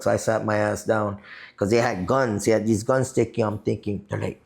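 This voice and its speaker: Low-voiced man telling a rowdy story. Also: fairly even intonation, a little fast, gravelly. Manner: profane, rambling, repeats "you know what I mean". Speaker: podcast guest. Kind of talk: casual storytelling.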